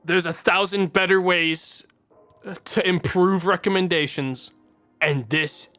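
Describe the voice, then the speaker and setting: A man's voice: high-pitched, fairly even intonation, slow pace, bright, forceful tone, faint music behind. A man streaming live, ranting with exasperation and heavy swearing to his chat. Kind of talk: angry live-stream rant.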